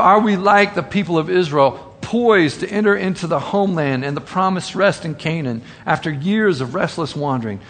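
Earnest male preacher, slightly high voice. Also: fairly bright tone. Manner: earnest, rhetorical questions, shifts to slow emphatic phrasing. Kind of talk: sermon.

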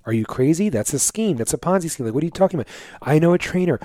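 A man's voice: on the high side, expressive, very fast, dark tone, no room sound, studio quality, voice pushed up, lightly acted. Man mimicking a doting, dismissive wife. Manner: coaxing, dismissive, sweet-talking. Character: nagging, doting wife brushing off her husband's plans.

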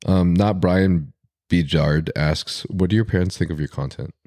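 A man's voice: low-pitched, moderate pace, darkish tone, no echo, clean studio sound. A man hosting a podcast, easygoing in chat and reading out listener questions. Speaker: podcast host.

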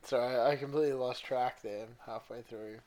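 A man co-hosting a casual podcast, rambling through his thoughts in halting, restarted sentences. His voice sits at an ordinary middle pitch. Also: fairly even intonation, a little mellow. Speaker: podcast co-host. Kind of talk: casual chat.

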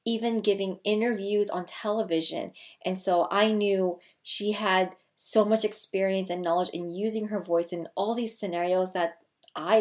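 A woman in her thirties, a people skills coach, talking straight to her viewers in an energetic way and repeating key phrases for emphasis. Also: fairly low pitch. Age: 30s. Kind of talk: scripted-feeling casual vlog talk to camera.

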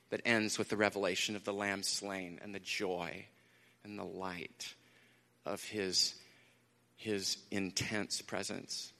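A man preaching a sermon in a conversational way, repeating phrases for emphasis, with lively asides. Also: on the low side. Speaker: pastor. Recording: long hall reverb.

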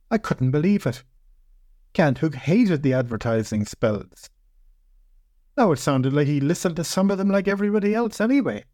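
A man narrating a first-person fantasy story in a measured, reflective way. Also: a little high, lively intonation, a little mellow, no echo, clean studio sound. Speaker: podcast narrator.

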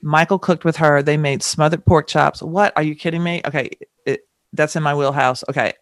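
A middle-aged woman from the American South, a guest in an interview, telling stories candidly and acting out quotes with sudden jumps in pitch. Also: moderate pace, no room sound, clean studio sound. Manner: animated, acts out quotes with pitch jumps and laughter. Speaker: guest, chef and TV personality.

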